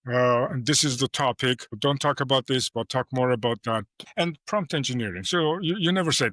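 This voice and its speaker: Bright-voiced middle-aged man, animated talker. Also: mid-range voice, a little fast, no room sound. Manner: animated storyteller, acts out quoted dialogue. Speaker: guest AI professor. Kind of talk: casual interview talk.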